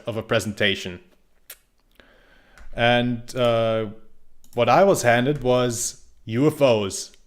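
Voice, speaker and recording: Young man rambling over a game. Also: mid-range voice. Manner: rambling and joking, with frequent restarts. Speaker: game streamer. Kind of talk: casual gameplay commentary.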